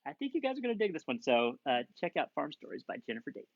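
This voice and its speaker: A man introduces the show in a relaxed, halting way, with plenty of ums and uhs. His voice is mid-pitched and sounds dry and a bit muffled. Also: creaky, dry recording. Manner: hesitant, many fillers. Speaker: podcast co-host.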